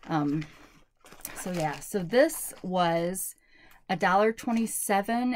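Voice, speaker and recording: A woman with a slightly low voice reviews items from a haul in easy, conversational chat. She rambles and thinks aloud, dropping fillers as she goes. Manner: rambling, chatty, many fillers. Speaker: haul vlogger. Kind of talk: casual product review chat.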